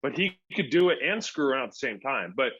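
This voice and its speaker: 40s guy, animated storyteller doing the voices, bright tense tone, kinda muffled podcast sound. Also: mid-range voice, fast talker, slightly rough. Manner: animated storyteller who acts out quoted dialogue. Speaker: guest, former pro pitcher. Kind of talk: casual storytelling interview. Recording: dull lo-fi podcast audio.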